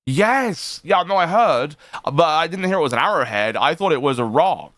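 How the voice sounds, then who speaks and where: Man, mocking profane commentary, smooth clear voice, dry close sound. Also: fairly high pitch, sing-song, takes it slowly, a bit bright, no echo. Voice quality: mocking, profane, frequent laughs and fillers. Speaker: commentary streamer.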